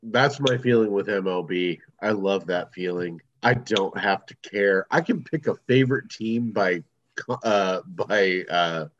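A man's voice: low-pitched, measured pace, dull audio, a little hiss or hum. A man co-hosting a casual podcast, joking in dry, wry asides. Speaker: podcast co-host. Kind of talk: casual chat.

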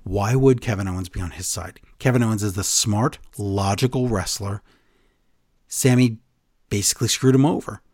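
A man co-hosting a casual podcast, retelling events with animated storytelling. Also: on the low side, moderate pace, no echo, studio quality. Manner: animated storyteller, acts out quotes. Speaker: podcast co-host recapping wrestling. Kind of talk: casual chat.

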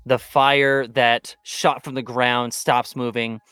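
Male game master, mid-pitched, relaxed tabletop narration, light music bed. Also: slow, smooth.

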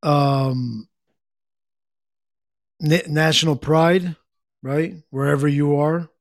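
Slow, gravelly-voiced man chatting. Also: a little high, steady tone, no room sound, studio quality. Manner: rambling, easygoing, reads chat aloud. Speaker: livestream host. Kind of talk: casual chat with viewers.

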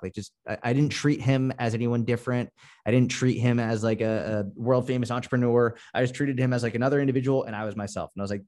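A man's voice: mid-range voice, fairly even intonation, fast, darkish tone. A man with a Boston accent, a fitness coach talking bluntly and swearing freely as a podcast guest. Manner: blunt, profane, no-nonsense. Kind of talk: casual podcast interview.

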